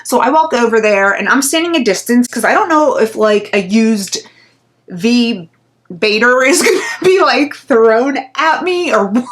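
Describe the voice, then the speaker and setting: A woman's voice: on the high side, expressive, measured pace. A woman vlogger telling a story in a casual, chatty way, full of fillers and little laughs.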